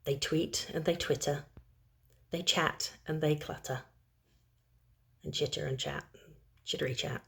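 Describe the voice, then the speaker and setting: Young female storyteller, lowish voice, unhurried, gentle asides to children. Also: fairly even intonation, creaky. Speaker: storyteller host.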